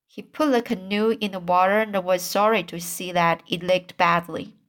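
A woman reading a children's book aloud, halting often and restarting stumbled words. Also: lowish voice, steady tone, fairly bright tone. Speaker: reader.

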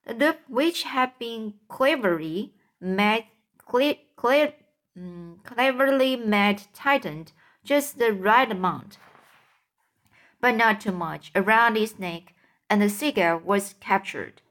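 A woman reading a children's storybook aloud, slow and careful, with occasional slips. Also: mid-range voice, animated, fairly bright tone. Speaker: reader.

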